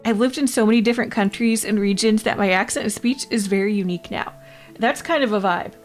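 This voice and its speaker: A woman's voice: medium pitch, quick pace, soft background music. A woman from Canada, chatting casually with her livestream chat, rambling and laughing often. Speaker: VTuber streamer.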